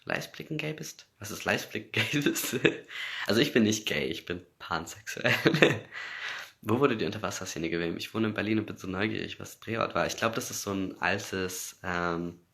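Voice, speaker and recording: Low gravelly man, casual livestream chat. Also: brisk, a bit bright. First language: English. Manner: reads out comments, laughs often, switches between English and German. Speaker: actor answering fan comments. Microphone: phone.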